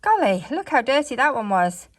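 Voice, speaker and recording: A woman's voice: high-pitched, big pitch swings, normal speed, background noise. A middle-aged woman filming herself cleaning her bedroom, chatting to viewers in a homely way and a little out of breath from the work. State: slightly out of breath from working. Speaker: cleaning vlogger. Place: bedroom at home, indoors.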